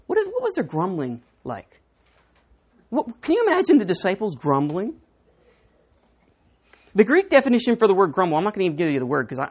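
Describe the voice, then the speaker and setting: A woman's voice: medium pitch, darkish tone, slightly rough. A woman preaching a sermon in church, teaching in a conversational way and putting questions to the congregation.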